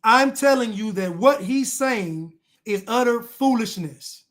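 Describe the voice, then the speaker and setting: A man's voice: very high voice, lively intonation, slow pace, a bit bright. A man reacting to clips with blunt, emphatic commentary, repeating lines for emphasis.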